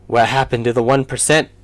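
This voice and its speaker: A man, chatting casually on a livestream while he draws, often muttering to himself. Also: no echo. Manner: low-key, mutters to himself while working. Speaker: indie game developer streaming. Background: faint background music.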